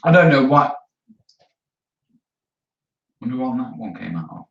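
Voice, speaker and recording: Casting: easygoing guy, livestream host, mid pitch, heard from a distance on a dull mic. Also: big pitch swings, unhurried, gravelly, roomy sound. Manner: chatty, easygoing, talks to viewers while working. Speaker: terrain-building channel host. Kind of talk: casual chat during a live studio stream. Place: hobby workshop studio.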